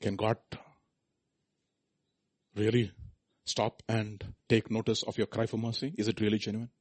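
A man preaching a sermon, asking rhetorical questions and swinging between loud emphatic lines and quiet asides. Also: fairly low pitch, little pitch movement, unhurried.

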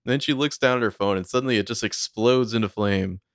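A man's voice: fairly low pitch, a little fast, dry recording, studio quality. A man co-hosting a casual podcast, retelling a TV episode scene by scene and dropping into the characters' lines as he goes. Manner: narrates scenes and acts out character lines in a loose, chatty way. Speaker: podcast co-host recapping a TV episode. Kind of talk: casual recap chat.

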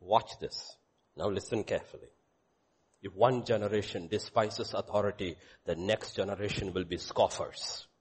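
A man preaching a sermon, animated, swinging between loud exclamations and quiet asides, joking with the congregation. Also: lowish voice, normal speed, breathy edge. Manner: jokes with the congregation, calls on children by name. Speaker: pastor.

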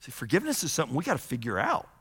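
Animated man preaching in a reverberant hall. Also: medium pitch, very fast, slightly rough. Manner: animated, conversational, acts out quoted voices. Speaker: pastor. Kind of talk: sermon.

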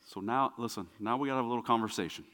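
A man preaching a sermon as pastor, with emphatic repetition that swings between hushed and loud passages. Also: mid-range voice, rapid-fire. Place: church sanctuary. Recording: long hall reverb.

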